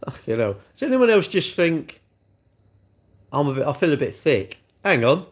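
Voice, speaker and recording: A man's voice: on the high side, sing-song, moderate pace. A middle-aged man hosting a casual livestream, chatting and answering viewer comments with swearing and rhetorical questions. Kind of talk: casual chat.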